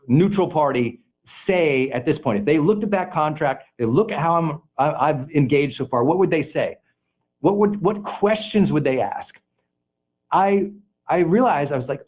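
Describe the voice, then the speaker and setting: Male coach, middle-aged, high and expressive, emphatic motivational delivery. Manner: animated and emphatic, acts out quoted people. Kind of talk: motivational talk.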